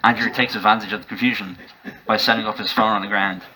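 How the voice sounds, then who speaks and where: A man narrating a comedic story in a mock-epic deadpan style, laughing through some lines. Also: fairly low pitch, fast talker, slight background noise, poor audio.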